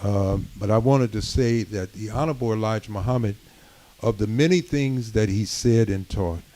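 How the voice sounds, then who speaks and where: A middle-aged man giving a sermon-style address at a community gathering, measured and full of "uh" fillers, building to emphatic points. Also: on the low side, dark tone, rough recording.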